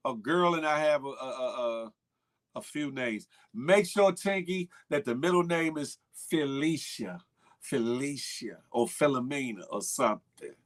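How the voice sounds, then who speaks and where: On his morning show, the host goes through viewer comments in easy conversation, ribbing viewers with slang and laughter. He talks in an expressive, higher-than-average voice at a slightly slow pace.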